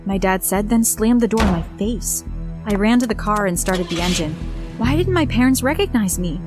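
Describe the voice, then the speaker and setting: A woman's voice: medium pitch, lively intonation, moderate pace, music in the background. Woman narrating a first-person story.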